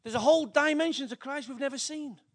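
Male pastor with a very high voice, preaching an emotional, fervent sermon. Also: fast. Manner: fervent, emotional, with big swings in pitch and loudness.

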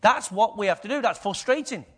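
A man's voice: high-pitched, animated, a little fast, fairly bright tone, slightly rough. A middle-aged man, preaching a conversational sermon and often asking the congregation questions. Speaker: pastor.

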